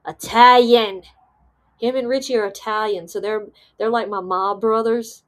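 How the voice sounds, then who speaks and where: A woman hosts a casual livestream in a voice of ordinary middle pitch. She answers her viewers' comments in a chatty, rambling way and often trails off mid-thought. She breaks into excited, high laughter. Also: moderate pace. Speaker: livestream host.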